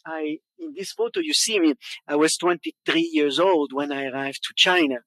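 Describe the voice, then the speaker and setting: A man in his fifties from Montreal with a Quebec French accent, giving a conference presentation, often repeating words for emphasis and pausing on fillers. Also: on the high side, very animated, creaky, bright, forceful tone, dry recording. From Canada, Montreal. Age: 50s. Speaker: conference speaker.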